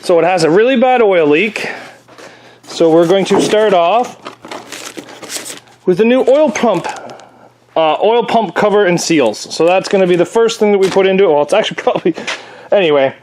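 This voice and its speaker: A man with a fairly high voice chats his way through a repair job. He jokes and gets worked up easily, talking half to himself and half to his viewers. Clear workshop noise sits behind him. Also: normal speed, pauses often. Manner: chatty, excitable, jokey self-talk. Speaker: workshop vlogger. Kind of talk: casual workshop vlog. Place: garage workshop. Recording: noisy workshop.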